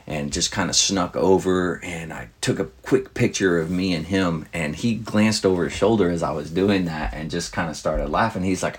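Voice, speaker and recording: At normal speed with few pauses, a man with a deep, husky, slightly rough low-set voice spins out a long story. He's a podcast host chatting casually with listeners, rambling comfortably and leaning on many fillers and restarts.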